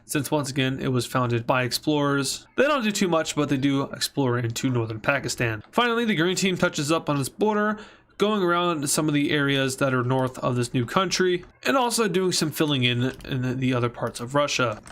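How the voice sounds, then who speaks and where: A man's voice: mid-range voice, animated, normal speed, fairly bright tone. A man casually narrating a map series, rambling and joking, often correcting himself mid-sentence.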